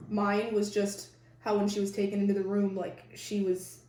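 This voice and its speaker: A woman's voice: mid-range voice, monotone, normal speed, dark tone, reverberant, far from the mic. A woman interviewing someone, reading prepared questions in a casual, hesitant way with many fillers.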